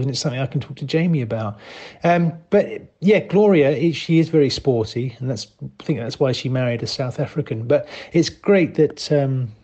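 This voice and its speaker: A man's voice: mid-range voice, a little mellow, natural voice. A man leaving a chatty, hesitant voicemail update with many fillers. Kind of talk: improvised comedy voicemails.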